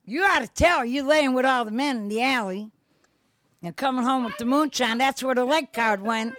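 A woman's voice: sits high, moderate pace, fairly bright tone, no echo, clean studio sound. A woman doing a cursing, sneering older daughter. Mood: scolding. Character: foul-mouthed bitter older daughter.

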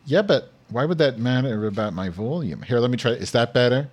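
A man's voice: mid-range voice, animated, a little fast, a little mellow. A man hosting a live show, rambling crudely to himself while testing his lavalier and stand microphones. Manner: crude, profane, self-talking. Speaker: show host. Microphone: lavalier and stand mic.

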